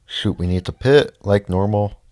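A man giving casual gameplay commentary, reacting loudly to the race and muttering frustrated asides. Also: fairly low pitch, moderate pace, no room sound, studio quality. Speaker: let's play gamer.

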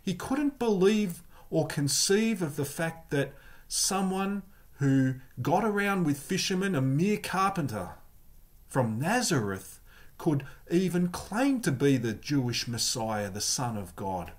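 Slow, earnest male preacher. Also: on the high side, sing-song. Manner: earnest, emphatic, with repeated phrases. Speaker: Salvation Army pastor. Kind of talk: sermon.

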